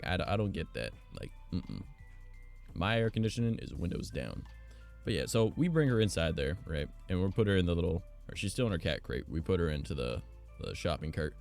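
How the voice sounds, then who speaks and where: A man's voice: deep voice, big pitch swings, fairly quick, vocal fry, darkish tone. A man streamer telling stories in casual chat, rambling, blunt and profane. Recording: faint background music.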